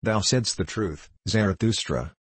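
A man reading the part of a troubled, despairing young man in plain, measured archaic speech. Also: lowish voice, breathy edge. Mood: anguished.

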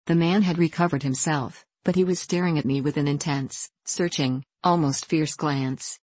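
A woman narrating a classic novel as an audiobook in measured, even storytelling. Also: deep voice, breathy edge, dry recording, low-quality recording.

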